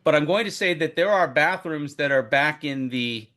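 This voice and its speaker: This male podcast co-host once reported on a trial, and in a casual chat he recounts it with animated energy. Excitement makes him boom loudly, though his pace stays moderate.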